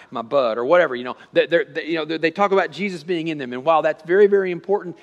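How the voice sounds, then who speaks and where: A male pastor gives a sermon in a large hall, his voice fairly high in pitch. His style is conversational, full of repeated words, and it swings from loud, emphatic moments to near-quiet stretches of storytelling.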